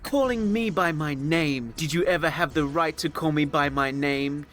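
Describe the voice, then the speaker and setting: A man's voice: on the high side, moderate pace, fairly bright tone, lightly acted. A man voicing a bitter, scornful young woman villain in a comedic retelling of a game.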